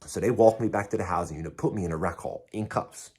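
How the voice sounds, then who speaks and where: A man's voice: sits low, fast talker, darkish tone, slightly rough. A man telling a story in a casual way, blunt and heavily profane, and mocking himself. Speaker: vlogger recounting prison time.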